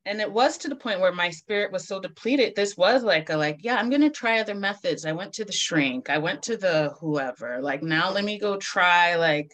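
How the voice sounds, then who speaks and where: A woman of Caribbean heritage telling personal stories in a casual chat, animated, swearing freely and acting out other people's voices. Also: on the low side, normal speed, few pauses. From Caribbean heritage, raised in the US. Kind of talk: candid casual conversation.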